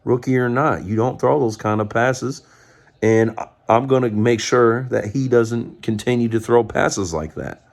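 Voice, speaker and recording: A man's voice: mid-range voice, a little slow, gravelly. A man giving a profane, fired-up rant as a sports fan, mocking others with put-on quotes. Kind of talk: ranting fan commentary.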